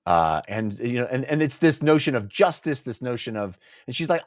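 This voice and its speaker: A man co-hosting a casual book-club podcast, talking eagerly and halting often with fillers. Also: mid-range voice, big pitch swings, no echo, clean studio sound. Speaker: podcast co-host.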